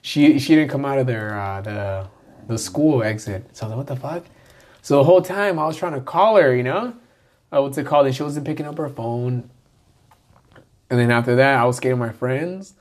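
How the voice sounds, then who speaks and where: A man's voice: medium pitch, a little fast, a little mellow. A man in his thirties telling a rambling, profane story in casual chat, acting out the voices of friends. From Southern California. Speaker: guest storyteller.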